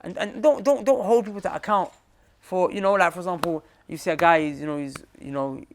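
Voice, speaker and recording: In a lively talk to a group, a young Muslim preacher speaks a little fast in a voice that sits high. He keeps repeating himself, leans on slang, and addresses his listeners directly.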